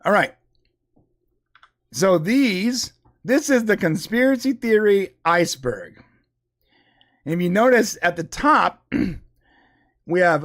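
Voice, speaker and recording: A man hosting a podcast with a speech impediment, rambling through a list with amused asides in a casual chat. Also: high voice. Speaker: podcast host.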